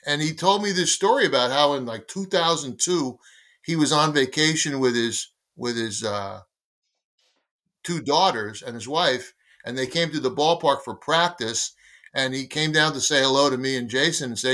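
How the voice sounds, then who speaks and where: A man being interviewed as a guest, telling anecdotes in a conversational, animated way and acting out the dialogue of the people in them. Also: medium pitch, moderate pace. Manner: animated storyteller who acts out quoted dialogue. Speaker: guest, baseball editor and former team publicist.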